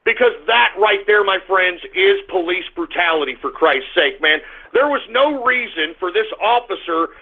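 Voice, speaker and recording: A man hosting an internet talk radio show, ranting loudly and cursing. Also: high voice, lively intonation, normal speed, hardly any pauses. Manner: ranting, profane, loud outbursts. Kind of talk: call-in talk radio monologue. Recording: tinny phone-line sound.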